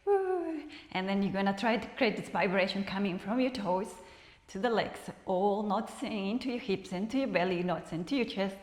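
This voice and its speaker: A woman instructor calmly cueing a guided movement and breathing practice, counting reps and offering soft encouragement. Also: medium pitch, normal speed. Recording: echoey room with long reverb.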